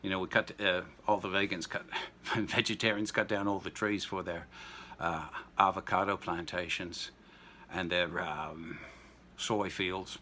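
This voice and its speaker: Bright-voiced rambling man in his sixties. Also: sits low, steady tone, unhurried, a little hiss or hum. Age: 60s. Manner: rambling, jokey asides and anecdotes. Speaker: home cooking vlogger. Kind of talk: casual kitchen demo chat.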